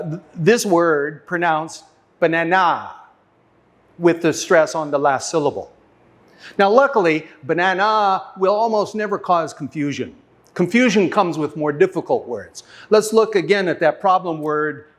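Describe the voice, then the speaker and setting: A man teaching an English lesson, speaking slowly and deliberately, repeating and sounding out example words. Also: a little high. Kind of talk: classroom lesson.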